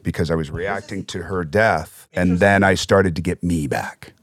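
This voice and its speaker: A man's voice: low-pitched, steady tone, normal speed, no echo. A middle-aged man, an actor guest on a podcast, telling vivid anecdotes with casual swearing. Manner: vivid anecdotes, swearing, acting out quoted voices. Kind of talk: casual storytelling interview.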